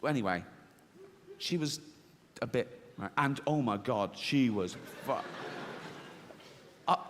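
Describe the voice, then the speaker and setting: A man's voice: a little high, background noise. A middle-aged Englishman doing stand-up comedy, brash and swearing, acting out little exchanges on stage. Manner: brash, swearing, acts out voices. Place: large theatre stage before an audience. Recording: live theatre with long reverb, faint crowd.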